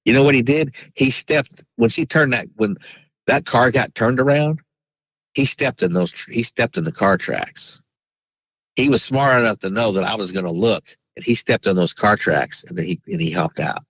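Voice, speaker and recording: A man's voice: mid-range voice, normal speed, fairly bright tone, breathy edge, no room sound, rough recording. A man, a podcast guest, telling a personal story in a rambling casual way, with many restarts and fillers.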